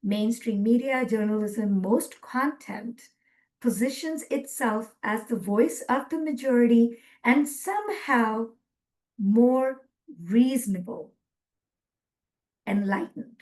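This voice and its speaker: A woman presenting a webinar lecture from slides, earnest and measured, with frequent ums. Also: a little high, a little mellow.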